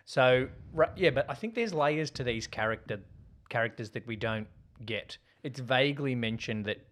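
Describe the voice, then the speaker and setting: A man's voice: medium pitch, expressive, normal speed, fairly bright tone. Dry man rattling off film trivia. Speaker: podcast co-host. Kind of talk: casual film chat.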